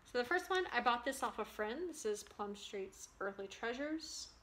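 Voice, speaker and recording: A woman's voice: on the high side, animated, moderate pace, a bit bright, a little hiss or hum. A woman chatting casually and enthusiastically as a vlogger, showing her cross-stitch purchases with frequent ums. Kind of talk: casual show-and-tell chat.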